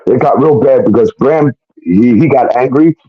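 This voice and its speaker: A man's voice: medium pitch, normal speed. Heated man telling a story, lo-fi. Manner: heated, swearing, acts out quotes. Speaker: guest telling his story. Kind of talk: casual storytelling. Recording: dull lo-fi sound.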